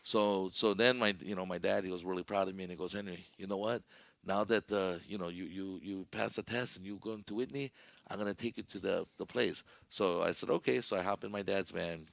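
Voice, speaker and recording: A man's voice: low-pitched, fairly even intonation, fairly quick, vocal fry, fairly bright tone, no echo. A man, a podcast guest, telling a long personal story in a casual, rambling way, full of "you know" and "right?". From Southern California.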